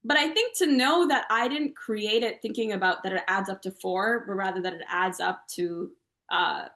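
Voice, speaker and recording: In a relaxed interview over a video call, a woman composer and Carnatic singer explains her music, chanting rhythm syllables and counting beats aloud. Her voice is medium in pitch and her speed normal. The room she's in gives a noticeable echo.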